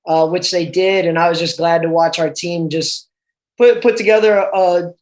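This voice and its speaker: A young male host talks through things in loose, relaxed runs and restarts as he goes. His voice sits high for a man. The delivery is conversational and unscripted. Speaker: podcast host, rugby player. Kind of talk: casual chat.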